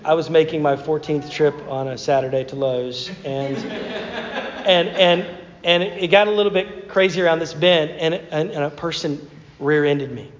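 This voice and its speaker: A man's voice: a little high, moderate pace. A man preaching a sermon as a pastor, telling stories in a conversational way with repeated words. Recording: muffled sound with long hall reverb.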